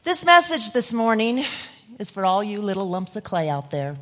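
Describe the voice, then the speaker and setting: A woman giving a devotional message and reciting a poem, expressive and dramatic, sometimes dropping to a whisper. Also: mid-range voice, normal speed. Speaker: devotional speaker.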